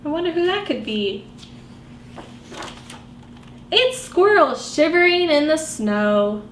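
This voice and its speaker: A woman librarian reading picture books aloud to young children, animated and sing-song, asking them questions as she goes. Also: sits high, slow. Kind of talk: storytime read-aloud for children. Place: library room. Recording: echoey room with faint background noise.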